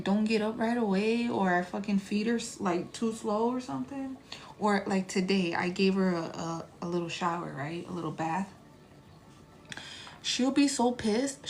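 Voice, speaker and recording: Animated, profane woman streaming live. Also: mid-range voice. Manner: animated, profane, laughing asides. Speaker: spiritual reader streaming live. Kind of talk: casual live-stream chat.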